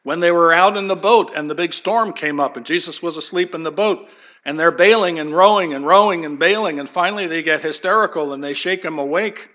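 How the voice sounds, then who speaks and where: A man preaches a sermon in a lively, conversational way, sliding into acted-out voices and folksy jokes. His voice sits a little high and has a bright, forceful edge. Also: a little fast. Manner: animated, acts out quoted voices. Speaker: pastor.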